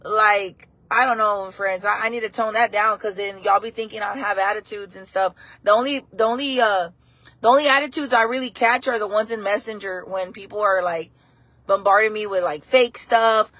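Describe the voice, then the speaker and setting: Chatty woman on a bright, dry live stream. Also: mid-range voice, steady tone, normal speed, dry recording. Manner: chatty, rambling, repeats herself, greets viewers. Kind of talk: casual live-stream chat.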